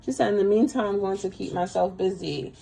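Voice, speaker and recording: A woman's voice: mid-range voice, brisk, creaky, mellow, a little hiss or hum, poor audio. A woman giving a casual livestream tarot reading, chatty and speaking straight to her viewers. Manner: chatty, talks straight to viewers, calls them girl. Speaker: tarot reader.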